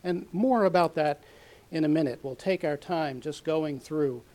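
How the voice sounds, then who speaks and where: A man teaching a sermon from a Bible passage, measured and methodical, reading scripture aloud with emphasis. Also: a little high, a little mellow. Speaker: preacher.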